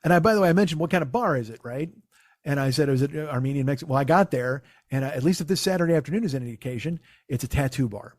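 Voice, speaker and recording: A man's voice: a little high, animated, rapid-fire. A man, a comedian and podcast host, telling a long casual story and quoting people with "I go, he goes" and frequent restarts. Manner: rambling, conversational, quotes others with "I go, he goes".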